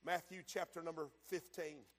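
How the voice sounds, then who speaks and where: A man's voice: a little high, steady tone, normal speed. A man preaching a fervent revival sermon in a church, emphatic and full of amens and hallelujahs. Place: church sanctuary. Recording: long hall reverb in a church.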